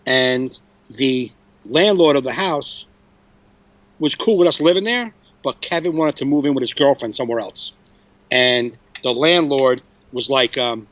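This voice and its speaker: A man's voice: medium pitch, measured pace, a bit bright, no room sound, dull audio. A man in his forties, a comedian hosting a podcast, telling a story casually with restarts and swearing. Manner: rambling, frequent restarts and swearing.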